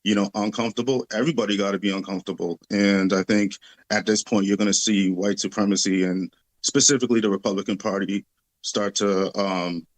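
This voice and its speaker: A man with a lowish voice that barely moves in pitch, talking in a measured way and filling gaps with "um" and "you know". His voice sounds dry and close, with no room around it. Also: no room sound, low-quality recording. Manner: measured and steady, many fillers like "um" and "you know". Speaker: guest. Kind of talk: casual talk-show commentary.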